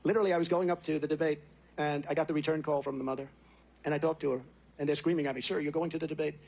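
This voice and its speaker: Fast-talking, high-voiced man rallying a crowd. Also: little pitch movement, vocal fry, darkish tone. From United States. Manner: rambling, boastful, repetitive. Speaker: political candidate. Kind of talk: campaign rally speech.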